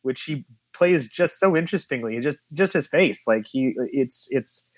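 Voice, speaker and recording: A film producer chatting in an interview, an animated storyteller who acts out quotes and laughs often. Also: male voice, mid-range voice, normal speed, dry recording. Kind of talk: casual interview chat.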